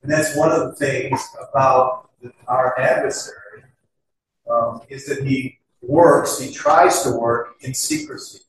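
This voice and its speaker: A middle-aged man preaches to a congregation in an earnest, chatty way, full of little fillers, and he slows right down to lean on scripture words. His voice sits at an ordinary pitch and his pace is unhurried. He is picked up from across a big, very echoey hall. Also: steady tone, slight background noise. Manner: earnest, conversational with frequent fillers. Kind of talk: sermon. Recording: echoey hall, distant mic.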